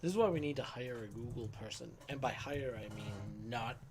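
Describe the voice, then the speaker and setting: A man's voice: medium pitch, brisk, background noise. Joking man co-hosting a sports podcast. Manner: joking, banters and riffs. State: drinking beer while talking. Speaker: podcast co-host. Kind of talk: casual sports chat. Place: home live stream setup.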